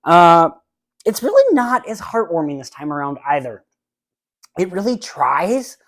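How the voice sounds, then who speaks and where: A man's voice: on the high side, wildly swooping pitch, unhurried, a bit bright. A man hosting his own solo movie review podcast, speaking bluntly and rambling in an exasperated way straight to his listeners, into his own microphone at home. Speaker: podcast host. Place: room at home with a fan.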